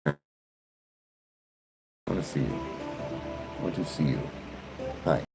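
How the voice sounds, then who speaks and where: A man's voice: a bass voice, slow pace, vocal fry, music in the background, low-quality recording. A man chatting casually in a vlog, talking to the camera and to his dogs. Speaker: vlogger.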